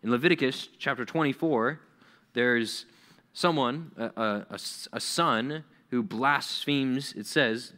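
A young adult man preaching a youth sermon, animated and acting out quoted voices. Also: medium pitch, takes it slowly. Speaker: youth pastor.

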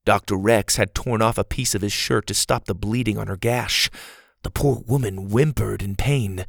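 Gravelly male storybook narrator. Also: lowish voice, moderate pace, no echo, studio quality. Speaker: audiobook narrator.

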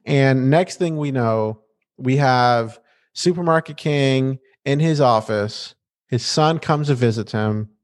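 A man co-hosting a podcast, recapping a TV episode in a playful, casual way. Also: mid-range voice. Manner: animated and playful, with restarts. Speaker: podcast co-host.

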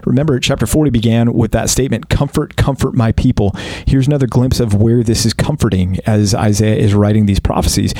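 Low-voiced American man discussing scripture. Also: steady tone, warm tone, no echo. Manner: thoughtful, reads verses slowly and deliberately. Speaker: podcast co-host. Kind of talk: casual Bible discussion.

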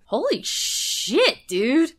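A woman co-hosting a comedy podcast, reacting to her co-host with excited, emphatic remarks. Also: high voice, very slow. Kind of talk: casual comedic chat.

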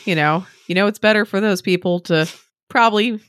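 A woman's voice: medium pitch, brisk, no room sound, studio quality. A woman in casual chat, agreeing readily with short replies. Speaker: book podcast co-host.

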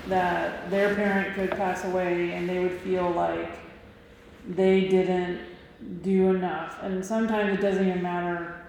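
A man's voice: sits high, creaky, darkish tone. A man hosting an interview, asking probing, reflective questions. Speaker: host. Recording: very echoey room, faint background noise.

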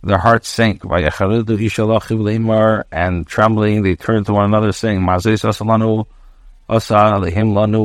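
A man, a rabbi, giving a daily class, reading Hebrew phrases aloud and translating and explaining them line by line with frequent pauses. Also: on the low side, fairly even intonation, no echo, studio quality.

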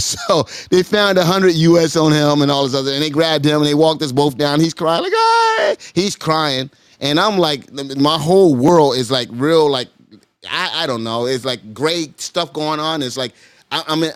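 A man at a podcast mic tells a long, animated story to his friends. He keeps repeating words, "hold up, hold up", and his pitch jumps way up whenever he plays the people in it. The sound is close and dry, with no room around him. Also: smooth, no room sound. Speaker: podcast guest telling a story.

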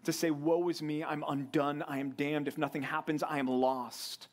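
Man preaching, fairly high voice, earnest sermon to a men's group. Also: flat delivery, normal speed. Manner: earnest preaching, swings between loud emphatic bursts and quiet low asides. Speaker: pastor. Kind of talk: sermon to a men's Bible study.

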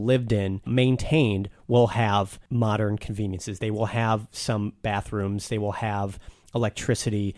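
A man's voice: fairly low pitch, darkish tone, no echo, studio quality. A man talking casually and enthusiastically as a guest on a podcast, telling stories with some restarts.

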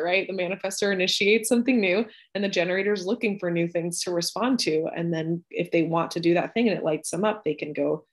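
A young woman with a somewhat low-pitched voice explains ideas in a relaxed, conversational way. She talks in quick, loosely strung phrases and keeps checking in with "right?". Her emphasis lifts now and then as she gets animated. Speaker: podcast guest explaining Human Design. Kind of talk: casual explanatory talk.

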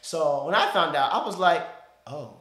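A man's voice: fairly high pitch, normal speed, roomy sound. A man hosting a podcast, telling a rambling story in casual slang-heavy chat. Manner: animated, rambling, peppered with slang like "bro". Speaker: podcast host.

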